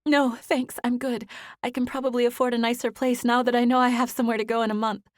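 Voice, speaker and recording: Woman voicing a high, shaky, overjoyed young woman. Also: flat delivery, fast talker, no echo, studio quality, natural voice. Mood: elated. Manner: high-pitched, shaky, breathless. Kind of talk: audiobook character voice.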